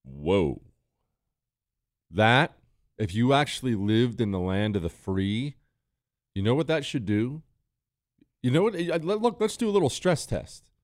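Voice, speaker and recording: A man hosting a talk radio show, delivering a forceful, indignant and sarcastic opinion monologue. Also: medium pitch, very animated, unhurried, long pauses, no echo, clean studio sound.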